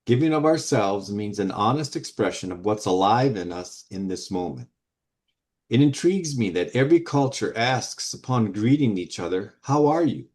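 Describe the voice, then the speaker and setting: A man in a discussion group, speaking in a thoughtful, measured way as he shares his reflections. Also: on the low side, darkish tone. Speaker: group member reading a question.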